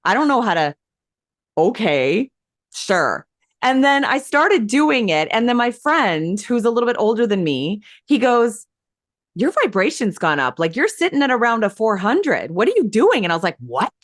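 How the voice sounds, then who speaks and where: A woman guest telling her story in an interview, lively and emphatic, acting out quoted dialogue as she goes. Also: fairly high pitch, normal speed, dry recording, studio quality. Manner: animated, acts out quoted dialogue; emphatic and enthusiastic. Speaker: hypnosis coach and guest.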